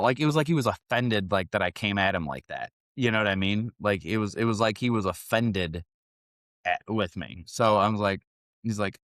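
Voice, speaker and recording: A middle-aged man hosting a podcast, telling a story in a profane, animated, casual way. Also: fairly low pitch, brisk, no echo. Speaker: podcast host. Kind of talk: casual chat.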